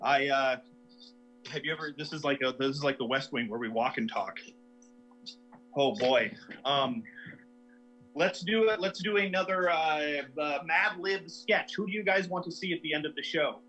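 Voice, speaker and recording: A man's voice: on the high side, normal speed, pauses often, pushed and bright, faint music behind, low-quality recording. A man hosting a comedy livestream, rambling through viewer suggestions with self-mocking asides. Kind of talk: casual livestream chat.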